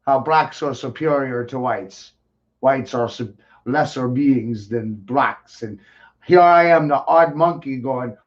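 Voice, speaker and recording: A man hosting a talk show, ranting crudely with heavy swearing, mocking asides and sudden loud outbursts. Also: medium pitch, takes it slowly, highs cut off. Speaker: show host.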